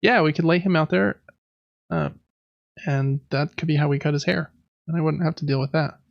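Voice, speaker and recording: A man's voice: on the high side, moderate pace, creaky, no room sound, dull audio. A man chatting casually as a podcast host, thinking aloud with lots of fillers. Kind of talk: casual chat.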